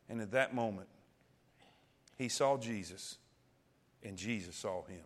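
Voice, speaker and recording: A man's voice: on the low side, measured pace, pauses often. A man preaching a sermon as pastor, calling out to the congregation and repeating key phrases.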